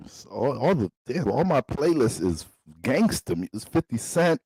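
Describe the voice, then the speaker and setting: Animated man riffing in a comedy sketch. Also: mid-range voice, moderate pace, slightly rough, no room sound, poor audio. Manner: animated, playful, swings into character voices. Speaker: astrology comedian.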